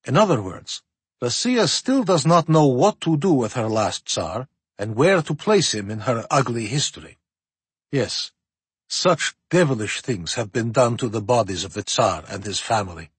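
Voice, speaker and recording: An earnest old grandfather lectures his granddaughter with emphasis, as a narrator voices him. The voice is husky and raised, and it sits close and dry in the recording. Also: mid-range voice, very animated, moderate pace, no room sound. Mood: emphatic. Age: older. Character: elderly grandfather retelling history, earnest and emphatic.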